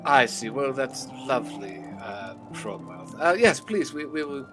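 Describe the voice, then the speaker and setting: A man's voice: mid-range voice, animated, unhurried, music in the background, natural voice. A man putting on a gushing posh adventurer. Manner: effusive and theatrical.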